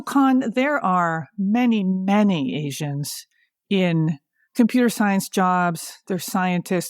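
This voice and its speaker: A woman with a lowish voice hosts a podcast interview and asks clear, measured questions. The sound is close and dry, with no room around it. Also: dry recording. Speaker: podcast host.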